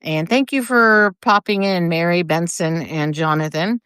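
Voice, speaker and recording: Older woman, low voice, smooth and dry, rambly live chat from her porch. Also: a little slow, a bit bright, dry recording. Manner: rambling, greets viewers by name. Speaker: livestreamer. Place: outdoors on her front porch. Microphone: phone or camera for a live video.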